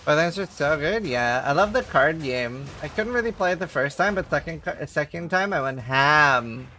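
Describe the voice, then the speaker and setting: A man's voice: on the high side, animated, moderate pace, bright, forceful tone, a little hiss or hum. A man chatting casually and joking with viewers while streaming a game. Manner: joking, chatty, laughs often.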